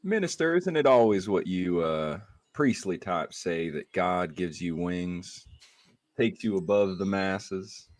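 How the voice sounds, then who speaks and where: A man's voice: deep voice, slow. A man playing a tabletop character, teasing in a drawl.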